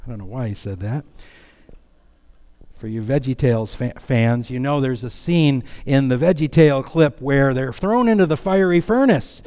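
A man preaching a sermon with a mellow, warm tone and a folksy, self-deprecating humor. His mid-pitched voice carries a long hall reverb. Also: lively intonation, moderate pace. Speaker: pastor.

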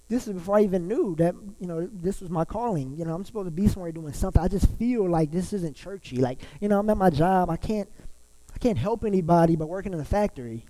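A man preaching to his church in a relaxed, chatty sermon. His voice sits high for a man and has a soft, mellow tone. He keeps stopping to restart and uses plenty of fillers. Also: quick pace, poor audio. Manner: conversational, many fillers and restarts. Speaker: pastor.

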